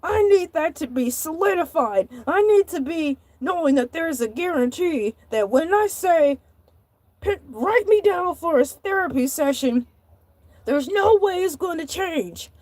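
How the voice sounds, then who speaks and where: A woman's voice: very high-pitched, lively intonation, a little slow, darkish tone, no echo. A woman playing a chatty male shark who hosts his own live-stream show, rambling and indignant, repeating herself as she rants. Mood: ranting. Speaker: livestream host. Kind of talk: comedic live-stream character monologue.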